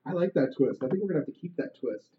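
A man's voice: on the high side, lively intonation, racing. A man in casual chat, reacting to a friend's story with wry quips. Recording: echoey, phone-like sound.

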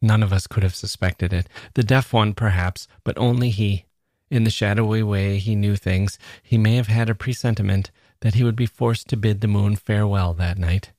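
Low-voiced man reading a story aloud. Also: dry recording, clean studio sound. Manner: measured, expressive first-person narration. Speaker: podcast host reading a short story.

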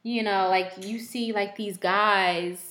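A woman's voice: medium pitch, steady tone, takes it slowly, fairly bright tone. A woman in casual chat, speaking hesitantly with frequent restarts.

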